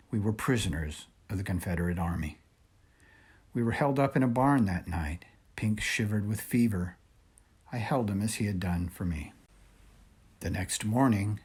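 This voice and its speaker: A man reading a children's storybook aloud in a measured, expressive way. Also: low-pitched, slightly rough. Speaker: reader.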